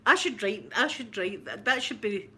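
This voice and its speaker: Giggly Scottish woman, bright voice. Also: mid-range voice, expressive, moderate pace. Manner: chatty, giggly, rambling with restarts. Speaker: ASMR livestream host. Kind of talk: casual live chat with viewers.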